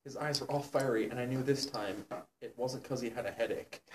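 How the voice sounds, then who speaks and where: Young man reading aloud, roomy and distant. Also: medium pitch. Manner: mock-serious, breaking into laughter and asides. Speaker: reader of a fan story. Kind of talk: comedic dramatic reading. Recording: roomy, distant mic with faint noise.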